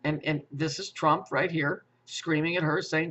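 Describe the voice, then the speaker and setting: A man's voice: fairly high pitch, steady tone, unhurried, sharp tone. A man delivering a rambling, profane monologue, repeating himself and stumbling over restarts while firing rhetorical questions. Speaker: conspiracy commentator. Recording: muffled lo-fi audio.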